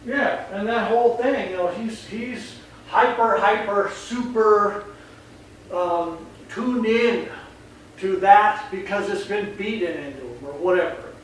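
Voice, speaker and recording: A man's voice: high voice, slow pace. A man working as a dog trainer, explaining casually and animatedly, often acting out voices mid-sentence. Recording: echoey room, distant mic, faint noise.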